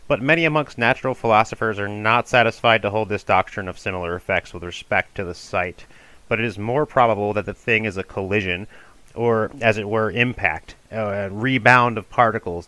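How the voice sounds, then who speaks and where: Low, bright-toned man reading formally. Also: brisk, no echo, low-quality recording. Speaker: reader of a classical dialogue. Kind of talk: audiobook reading of an ancient dialogue.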